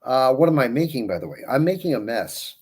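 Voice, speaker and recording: A man's voice: medium pitch, very animated, fairly quick, a little mellow, husky. A man chatting casually with viewers on a livestream, greeting them by name and rambling through friendly asides while he twists balloons. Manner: works with his hands while talking. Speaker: balloon twister streaming live.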